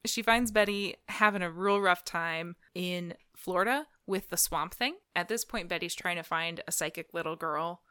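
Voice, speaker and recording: Woman co-host, chatty and giggly, lowish voice, dry close sound. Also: moderate pace, hardly any pauses, pushed and bright, clear, resonant tone, dry recording. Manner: chatty, laughs often, many fillers. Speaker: podcast co-host. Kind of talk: casual chat.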